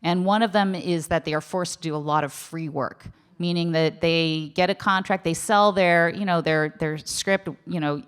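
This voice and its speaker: A woman with a slightly low voice speaks on a festival panel stage. Her tone is casual and wry. She tosses in quick asides and corrects herself mid-sentence. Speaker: writers union representative on a panel. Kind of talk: panel discussion.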